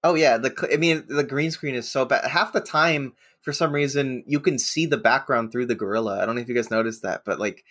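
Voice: mid-range voice, brisk, few pauses, a bit bright. A podcast co-host chatting casually in a matter-of-fact, emphatic way. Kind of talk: casual chat.

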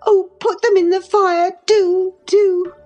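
A woman voicing a distraught teenage girl who pleads in high, breathless sobs. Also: little pitch movement, slow, warm tone, highs cut off, soft background music. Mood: begging. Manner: high, breathless sobbing pleas.

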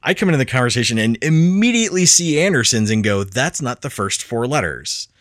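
A man's voice: mid-range voice, big pitch swings, fairly quick, fairly bright tone, dry recording, studio quality. A man hosting a podcast, telling a story in casual chat, laughing often and swearing freely. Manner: profane. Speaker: podcast host.

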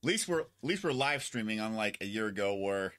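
A man co-hosting a casual livestream chat, talking in halting, rambling bits. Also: fairly low pitch, lively intonation, fairly bright tone. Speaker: co-host.

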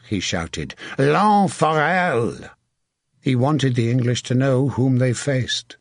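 A man reading a historical battle story as a steady, vivid audiobook narrator. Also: medium pitch, no echo, studio quality.

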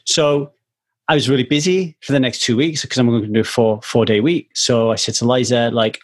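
A man's voice: mid-range voice, steady tone, a little fast. A man hosting a casual conversation, earnestly telling a personal story in a reflective way.

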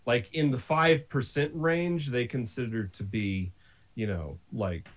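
A man telling stories in a casual podcast chat, animated and laughing often. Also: medium pitch, measured pace.

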